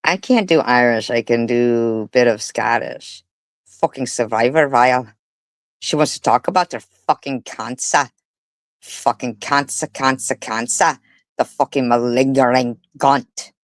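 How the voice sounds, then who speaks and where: Woman streamer, slow scornful commentary, crude mouth, dry close sound. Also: a bass voice, dry recording, low-quality recording. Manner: profane, mocking, disgusted. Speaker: livestream host. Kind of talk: casual livestream commentary.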